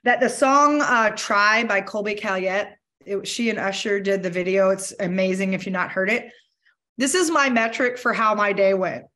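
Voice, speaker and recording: A woman giving a motivational talk to a business networking group, energetic and candid, with casual swearing. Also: medium pitch, moderate pace. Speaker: motivational speaker. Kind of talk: conversational keynote talk.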